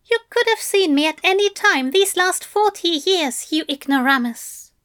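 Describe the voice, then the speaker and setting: A woman reading aloud and voicing a fussy male angel who asks sharp, exasperated questions. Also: very high voice, very animated, slow pace, pitched above the performer's own voice, full character voice. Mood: indignant. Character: fussy, indignant male angel, prim and easily alarmed.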